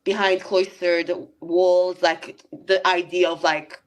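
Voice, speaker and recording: A woman filmmaker as a podcast guest, talking in a lively, laughing way with quick asides. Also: lowish voice. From not from Britain. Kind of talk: casual podcast chat.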